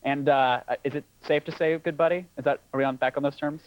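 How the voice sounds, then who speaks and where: A man co-hosting a live TV talk show, chatting and joking quickly as he interviews a guest. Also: a little high, fairly even intonation. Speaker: co-host and interviewer. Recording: dull lo-fi archived TV broadcast.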